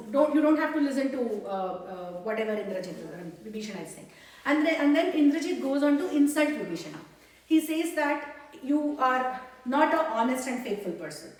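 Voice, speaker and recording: High-voiced woman, halting. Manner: halting, many fillers and restarts. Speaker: storyteller. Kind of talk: casual storytelling to a child. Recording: echoey room, mic far off.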